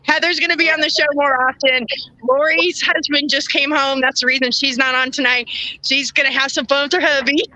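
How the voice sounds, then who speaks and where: A woman hosting a casual livestream talk show, emotional and quick to laugh, sometimes choked up. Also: sits high, steady tone, pushed and bright, no echo, poor audio. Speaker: show host.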